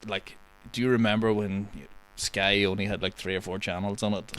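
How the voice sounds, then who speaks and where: A man's voice: fairly low pitch, flat delivery, normal speed, fairly bright tone, clear, resonant tone, rough recording. A man on a podcast who animatedly retells comedy film scenes and laughs along. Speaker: podcast guest. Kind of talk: casual film chat.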